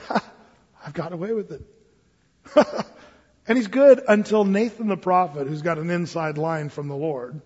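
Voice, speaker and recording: A man's voice: sits high, husky, dull audio. A man preaching a sermon in a conversational storytelling manner, with restarts and asides, in a church hall. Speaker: pastor.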